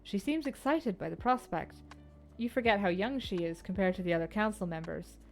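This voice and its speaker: A young woman streamer chats casually and reads a story game's text aloud in a middle-pitched voice, joking and swearing freely. Soft music plays faintly behind her. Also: fairly quick. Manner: playful, profane, laughs often. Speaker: streamer playing a narrative game. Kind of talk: casual live-stream chat and narrating game text.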